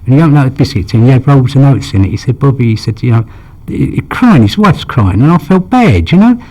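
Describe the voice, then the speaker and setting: An older man, interviewed, spins long rambling anecdotes about his past, performing the dialogue and repeating "you know." He talks fast in a mid-range, dark-toned voice with big pitch swings.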